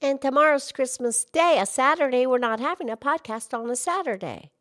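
Excitable high-voiced woman co-host. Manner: quick, excitable and chatty. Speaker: podcast co-host. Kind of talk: casual podcast chat.

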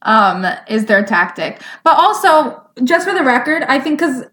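A woman co-hosting a casual chat podcast, her voice slightly high. She retells things in an animated way and giggles often, and the recording has a roomy echo. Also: measured pace. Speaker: podcast co-host. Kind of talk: casual chat about motor racing.

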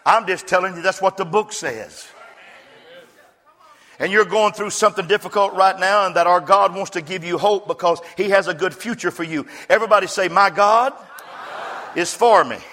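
A man preaching a rousing sermon, calling on the congregation to answer him and rising to shouts. His voice is bright and forceful and fairly high for a man, and it rings through a reverberant church hall with a faint crowd behind him. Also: fairly quick. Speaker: pastor. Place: church sanctuary.

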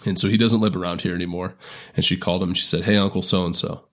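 A man's voice: low voice, fairly even intonation, fast, fairly bright tone. A middle-aged man on a podcast, telling long stories in a rambling way with lots of fillers and restarts. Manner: rambling, filler-heavy, self-interrupting. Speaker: podcast guest. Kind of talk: casual storytelling.

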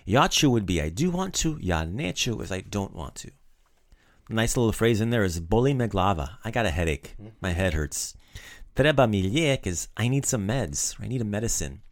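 Lively low-voiced male podcast host. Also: dry recording, clean studio sound. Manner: explains phrases, repeats them slowly. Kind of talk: casual language-lesson chat.

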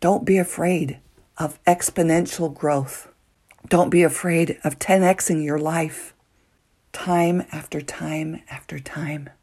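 A woman hosting a solo motivational podcast, earnest and emotional, moving between soft hushed lines and excited bursts. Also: sits low, slow, breathy edge. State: nervous, emotional. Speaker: podcast host.

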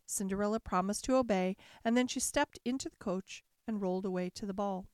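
A woman reading a classic fairy tale aloud in a measured, expressive storybook style. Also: medium pitch, smooth, no echo, studio quality.

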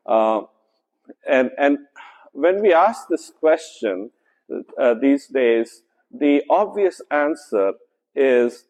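A man's voice: medium pitch, animated, a little mellow, big-room sound, dull audio. A man preaching a conversational sermon as pastor, often checking in with "right?" and using many fillers. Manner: frequent "right?" checks, many fillers, slow deliberate delivery. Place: church sanctuary.

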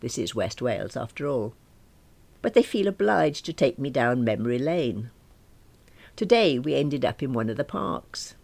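A woman reads a diary-style story aloud with a wry, dry delivery. Her voice has a gravelly texture and rises and falls a great deal. The sound is close and dry, without room reverb. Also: very deep voice, very animated, normal speed, darkish tone. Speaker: reader.

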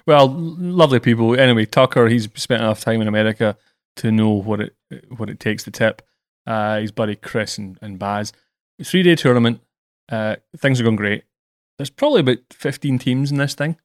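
Lively teasing male podcast host. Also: mid-range voice, moderate pace. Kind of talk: casual chat.

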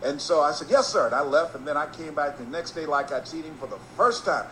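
A man from Miami giving a storytelling motivational speech, emphatic and rhythmic, slowing down to stress key phrases. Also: fairly high pitch, pushed and bright, slight background noise, rough recording. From Miami, Florida. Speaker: motivational speaker.

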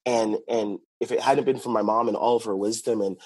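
A man who works as a youth pastor, telling stories in an animated way, repeating words and laughing often. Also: lowish voice, brisk, slightly rough. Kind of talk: casual conversational interview.

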